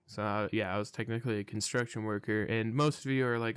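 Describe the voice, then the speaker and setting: A man's voice: on the low side, steady tone, quick pace, fairly bright tone, clean tone, dry recording, clean studio sound. A young man telling a rambling, profane story in a casual vlog monologue, sounding incredulous. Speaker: storytelling vlogger.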